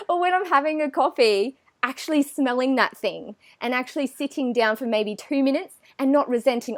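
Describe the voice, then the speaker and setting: A woman's voice: high-pitched, lively intonation, normal speed, no echo. A woman, chatting animatedly as an interview guest and acting out her own thoughts. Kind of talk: casual interview chat.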